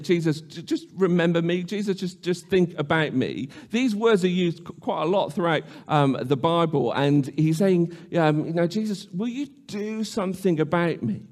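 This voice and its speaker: A man preaching a sermon in a slightly higher-than-usual voice. He talks in an earnest, reflective way, often restarting his sentences and asking questions aloud. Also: darkish tone.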